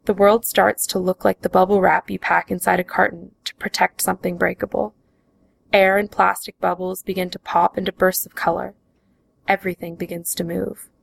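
A woman reading her own memoir aloud in the first person, slow and even. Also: lowish voice, creaky, husky, low-quality recording.

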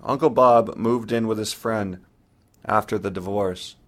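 A man narrating his own story in the first person, in a measured, sombre way. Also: fairly low pitch.

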